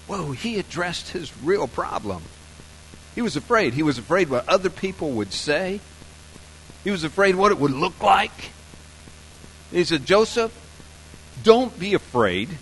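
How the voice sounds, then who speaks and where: A man preaching a sermon, telling a story softly and slowly, then building to loud, emphatic points. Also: a little high, animated, breathy edge, rough recording. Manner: storytelling, soft and slow in scenes, rising loud and emphatic for points. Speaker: pastor.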